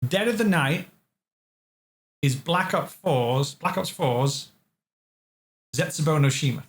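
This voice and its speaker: A man from England who designs games, telling lively studio stories as an interview guest and acting out the voices of the people he quotes. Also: fairly high pitch, slow pace. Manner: animated storyteller, acts out quotes. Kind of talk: casual interview chat. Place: living room.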